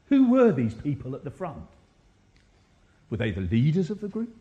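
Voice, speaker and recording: A male preacher delivering a sermon, his voice sitting high and swooping widely as he presses his points. He keeps turning to the congregation with questions and repeats his key lines for emphasis. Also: normal speed, lo-fi sound. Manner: animated, asks the congregation questions, rhetorical repetition. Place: church.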